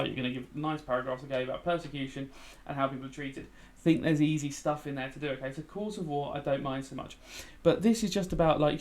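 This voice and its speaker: A man gives a relaxed revision lesson as he plays a game, sounding a little tired and yawning at times. His voice sits a touch high, and he keeps checking in with "okay?" while keys clack behind him. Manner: chatty, frequent "okay?" check-ins, talks while typing. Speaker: teacher.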